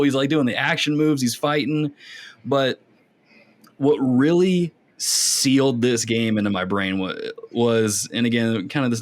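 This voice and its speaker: A man hosting a casual gaming podcast, telling stories with lively reenactments of his younger self. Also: mid-range voice. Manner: animated storytelling, acts out his younger self. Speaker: podcast host.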